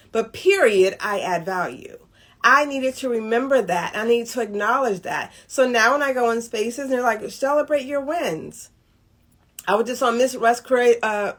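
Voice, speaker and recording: Hosting a relationship-focused motivational talk, a middle-aged woman speaks in a casual, conversational way, often tossing in "right?". Her voice is fairly high-pitched with a touch of brightness.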